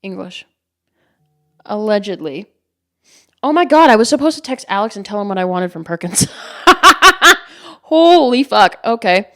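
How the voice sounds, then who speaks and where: A woman's voice: a little high, expressive, quick pace, few pauses. A woman hosting a solo podcast, rambling and heavily swearing in a heated rant. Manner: rambling with frequent fillers. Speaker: podcast host.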